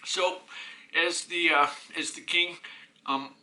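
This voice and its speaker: A man's voice: on the high side, steady tone, slow pace, sharp tone, low-quality recording. A man recording himself, talking in an agitated, rambling way, swearing often and restarting his sentences. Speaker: self-recording programmer. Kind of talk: rambling self-filmed monologue.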